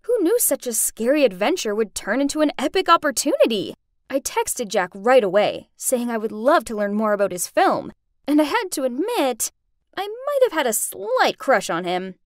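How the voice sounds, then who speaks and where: A young woman narrating a first-person animated story in a dramatic, expressive way. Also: on the high side, normal speed, dry recording, studio quality.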